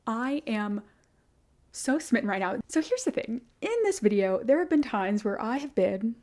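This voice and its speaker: A young woman vlogging about books she has read, chatty and gushing, with lots of "like" and quick asides. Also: a little high, lively intonation, a little mellow. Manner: chatty, gushing, heavy use of "like". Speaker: book vlogger. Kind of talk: casual book review chat.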